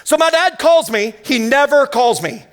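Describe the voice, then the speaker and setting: A man, preaching an energetic sermon full of storytelling in a church. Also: very high-pitched, normal speed. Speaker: guest preacher. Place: church sanctuary.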